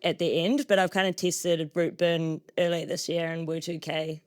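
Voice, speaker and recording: A woman's voice: on the low side, level tone, normal speed, darkish tone. Young woman, New Zealand accent, interview guest, bubbly, filler words. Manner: bubbly, self-deprecating, lots of fillers. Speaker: guest trail runner. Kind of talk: live show interview.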